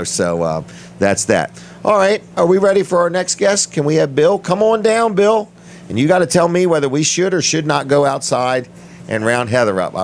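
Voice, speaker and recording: A man's voice: mid-range voice, a little hiss or hum. Chatty man hosting a local show. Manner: encouraging, quick agreeing replies. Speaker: host. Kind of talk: casual chat.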